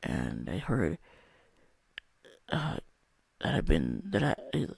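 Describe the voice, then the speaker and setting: A man's voice: lowish voice, wildly swooping pitch, takes it slowly, gravelly, husky, no echo. A young man telling a candid, rambling personal story about a spiritual experience, swearing often. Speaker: vlogger.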